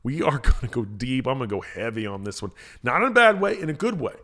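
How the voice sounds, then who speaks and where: A man's voice: medium pitch, very animated, fast, fairly bright tone. A man hosting a motivational podcast, talking casually with energy, often repeating himself and restarting phrases. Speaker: podcast host, motivational speaker.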